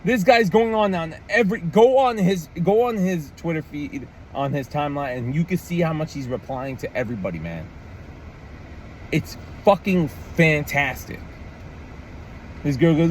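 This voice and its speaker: A man's voice: a little high, moderate pace, slight background noise. A man ranting about wrestling in casual, profane commentary, full of "man" and "like" and mocking voices. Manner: animated, profane, repeats "man" and "like".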